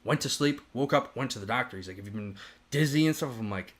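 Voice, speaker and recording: A man on a podcast telling a story in casual chat, animated and profane, rambling with restarts. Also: medium pitch, fast talker. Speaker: podcast host.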